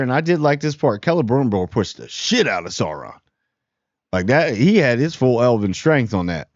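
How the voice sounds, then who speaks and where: A man's voice: medium pitch, moderate pace, no room sound. A man hosting a casual spoiler review, talking in slang and acting out the characters' lines. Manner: slangy and animated, acts out character quotes. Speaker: TV review host. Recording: dull lo-fi dry sound.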